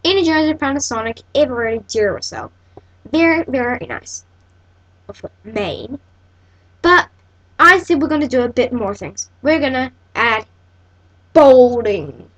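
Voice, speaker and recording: A woman's voice: high-pitched, lively intonation, moderate pace, fairly bright tone, dull audio. A woman hosting a casual coding tutorial, thinking aloud and correcting herself as she works. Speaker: tutorial host.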